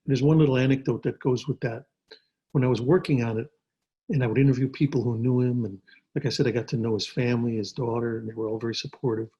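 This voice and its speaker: An older man, an actor, telling stories in a relaxed interview from his home over a video call, with frequent restarts and repeated words. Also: mid-range voice, quick pace, slightly rough, highs cut off. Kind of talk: casual storytelling interview.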